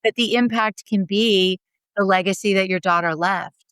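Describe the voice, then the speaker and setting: A woman's voice: mid-range voice, fairly even intonation, moderate pace, a bit bright, clean tone, dry recording. A woman co-hosting a podcast interview, speaking in a heartfelt, emotional way. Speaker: podcast co-host.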